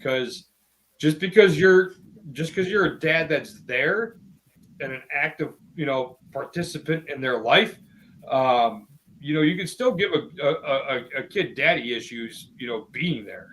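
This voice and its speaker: A man talking loosely on a podcast, his voice sitting a bit high for a man. He rambles and swears freely, tripping over his words and restarting sentences as he goes. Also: lively intonation, measured pace, a bit bright, rough recording. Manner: rambling, profane, many restarts. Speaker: podcast co-host. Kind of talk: casual chat.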